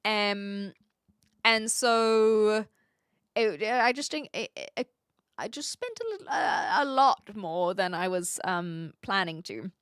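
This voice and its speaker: A woman's voice: mid-range voice, expressive, slow, fairly bright tone, clear, resonant tone, dry recording, studio quality. A woman from New Zealand with a Kiwi accent, chatting casually with viewers on a live stream, upfront and laughing often.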